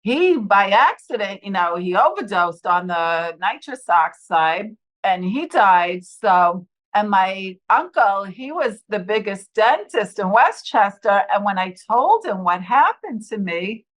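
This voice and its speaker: Poor audio carries a mid-range female voice that takes its time. She's from the New York area and tells, sincerely and in her own words, the story of her brush with death, bringing the quotes of others to life with vivid voices.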